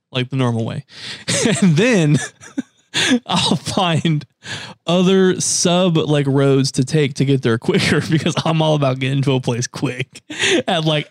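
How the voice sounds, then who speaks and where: A man's voice: a little high, no echo, clean studio sound. A young man in casual chat, rambling with lots of fillers and crude swearing.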